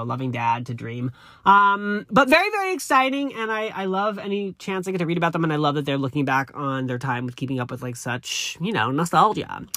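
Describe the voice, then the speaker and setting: Sitting high and sharp in tone, this thirtysomething man's voice comes through in studio quality with no room sound. He runs a solo pop culture gossip podcast, reading news aloud, gushing campily, calling listeners honey, and frequently correcting himself.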